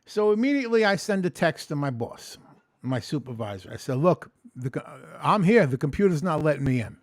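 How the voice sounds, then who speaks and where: A man telling a story in a casual vlog, animated and swearing often as he rants about his day. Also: fairly high pitch, brisk, no room sound, studio quality. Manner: animated, profane, ranting storyteller. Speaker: vlogger.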